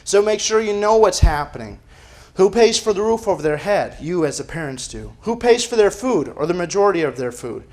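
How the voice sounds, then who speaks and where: High-voiced pastor preaching emphatically. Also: male voice, animated, a little fast, darkish tone. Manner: emphatic, asks rhetorical questions. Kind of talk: sermon. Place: church.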